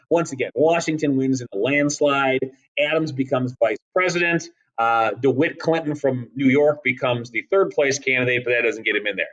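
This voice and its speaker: A man's voice: mid-range voice, a bit bright, dull audio. A man giving a casual history lecture as a teacher, chatty and acting out quotes in exaggerated voices. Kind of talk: recorded lecture.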